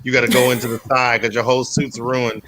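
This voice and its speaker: A man's voice: medium pitch, quick pace. Rambling man doing profane stand-up. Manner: rambling, profane, with restarts and deadpan absurd asides. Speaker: comedian. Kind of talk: stand-up comedy set.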